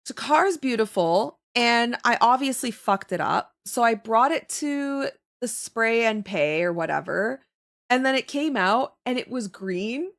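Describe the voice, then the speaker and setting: A woman's voice: on the high side, lively intonation, a little slow, fairly bright tone. A young woman hosting a livestream, chatting casually while she draws and laughing often as she reads and answers her chat. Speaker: livestream host.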